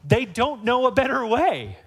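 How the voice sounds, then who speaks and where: A man preaching a sermon as pastor, speaking conversationally and rising to animated emphasis. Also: very high voice, unhurried, slightly rough.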